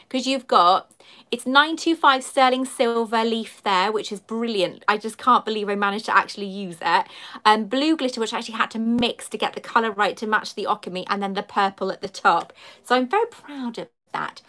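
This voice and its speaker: A woman's voice: on the high side, normal speed, fairly bright tone. A woman chatting effusively with viewers on a live stream, greeting them by name as a YouTuber and collector.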